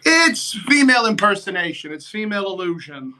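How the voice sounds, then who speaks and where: Sassy man with a sharp, bright voice. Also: sits high, very animated, a little fast. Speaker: drag performer and guest. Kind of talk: casual chat while doing makeup.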